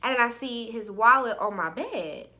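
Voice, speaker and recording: A woman's voice: a little high, normal speed. A young woman telling a personal story in a casual, chatty way, often saying "like". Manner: chatty, animated, peppered with "like". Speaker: vlogger.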